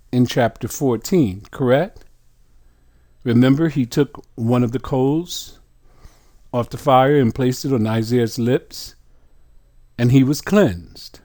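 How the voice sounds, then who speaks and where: A man delivers a sermon in a medium-pitched, dark voice, reading scripture aloud and posing pointed questions to his listeners. His teaching manner is slow and emphatic.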